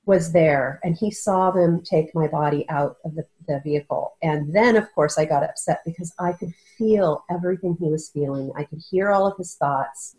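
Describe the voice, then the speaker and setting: A woman's voice: low-pitched, moderate pace, few pauses, warm tone, low-quality recording. A woman, a guest in an interview, speaking in an earnest, searching way and often restarting her sentences. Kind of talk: casual interview talk. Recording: audio-only interview.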